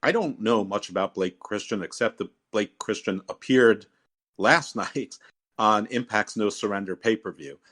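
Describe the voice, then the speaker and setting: Podcast host, male, low register, loose rambling delivery with fillers. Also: normal speed, a bit bright. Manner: rambling, many fillers and restarts. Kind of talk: casual wrestling podcast chat.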